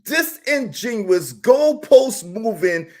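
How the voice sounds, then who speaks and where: A man hosting a casual live stream, telling a story in an animated, slangy style with lots of repetition. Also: very high voice, slow. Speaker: YouTube live stream host.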